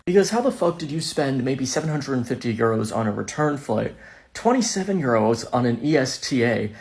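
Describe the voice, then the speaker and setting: A man's voice: mid-range voice, expressive, fairly quick, creaky, a little mellow. A man in a sarcastic, exasperated rant, lecturing his viewers. His voice sits in a middle register. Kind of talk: social media rant.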